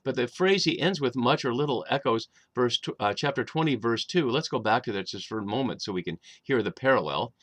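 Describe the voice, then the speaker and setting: A male Bible teacher explains the text at a measured pace. His voice sits at a middle pitch, and he often pauses with small hesitations as he thinks. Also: animated, fairly bright tone. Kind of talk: video Bible lesson.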